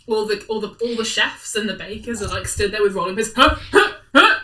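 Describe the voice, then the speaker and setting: A woman's voice: medium pitch, steady tone, fast talker. A woman narrating a tabletop game as dungeon master, playful and giggly, making bouncing sound effects. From United Kingdom. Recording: slightly distant mic with faint noise.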